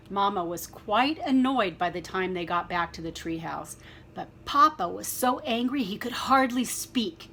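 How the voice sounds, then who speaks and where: A woman with a mid-range voice reads a children's picture book aloud, adding gentle, chatty asides for the young listeners. Slight background noise is present.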